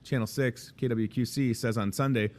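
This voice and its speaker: A man's voice: medium pitch, steady tone, normal speed, a little mellow. A man in his thirties hosting a casual show from a grocery store café, jokey and rambling. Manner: jokey, rambling, self-deprecating. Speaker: host. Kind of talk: casual chat.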